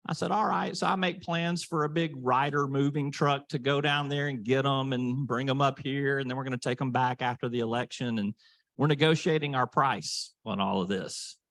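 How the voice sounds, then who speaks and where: A man's voice: medium pitch, steady tone, normal speed, a bit bright, no echo. A man moderating a panel, telling a story in a folksy, casual way with many fillers. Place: meeting room.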